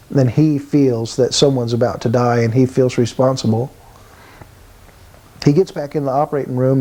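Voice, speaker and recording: A man's voice: medium pitch, mellow, low-quality recording. A man in his sixties from Texas giving an earnest, vivid spoken testimony about his life. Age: 60s. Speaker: testimony speaker.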